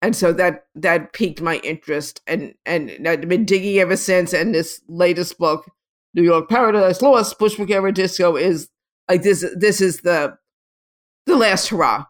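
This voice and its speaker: A woman photographer in an interview, telling long rambling stories with many restarts and lively quotes of other people. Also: fairly low pitch, moderate pace. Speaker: photographer guest. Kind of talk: casual storytelling interview.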